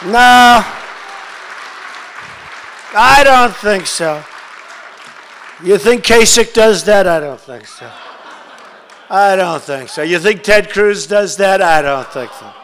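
A man's voice: sits high, lively intonation, slow, long pauses, a bit bright, some chatter behind, slight background noise. An older man giving a campaign rally speech in a large school hall, talking in an emphatic, repetitive and rambling way. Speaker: political candidate.

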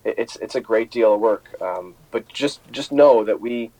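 A man hosting a sports podcast, talking off the cuff with lots of halting restarts and fillers. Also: on the low side, warm tone, no room sound, poor audio. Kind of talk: unscripted commentary.

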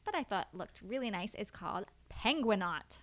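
A woman's voice: mid-range voice, lively intonation, normal speed, fairly bright tone. A woman co-hosting a casual library podcast, chatting and reading picture-book lines aloud with plenty of giggles.

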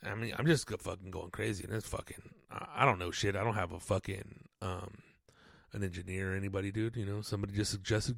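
A man's voice: on the low side, steady tone, quick pace, gravelly, dry recording, studio quality. A man hosting a podcast, rambling casually and swearing often, with lots of fillers. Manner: rambling, profane, laid-back, lots of "dude" and fillers. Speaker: podcast host.

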